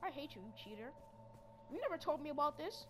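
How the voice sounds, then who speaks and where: A woman giving casual gaming commentary while playing with a friend, excitable and trash-talking with loud outbursts, on a headset mic. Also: sits high, fast, faint music behind.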